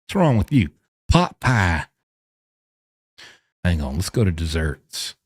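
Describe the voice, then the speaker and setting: A man's voice: low-pitched, sing-song, takes it slowly, slightly rough, no room sound, clean studio sound. A man chatting casually and playfully with his live-stream audience. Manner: playful, joking banter with chat. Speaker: livestreamer.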